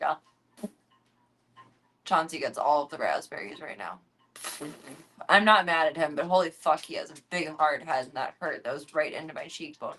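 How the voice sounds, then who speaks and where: A woman's voice: low voice, fairly bright tone. A young woman streaming from home, chatting casually, swearing freely, and cooing baby talk at her pets. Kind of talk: casual live-stream chat.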